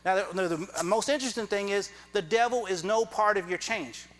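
A man's voice: high-pitched, fairly quick, a bit bright, big-room sound, low-quality recording. A man preaching a sermon, telling a personal story with quoted dialogue and chuckling asides.

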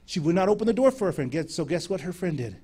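A man preaching, telling a lively story and acting out the dialogue of the people in it. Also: sits high, fast talker, husky. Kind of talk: sermon storytelling.

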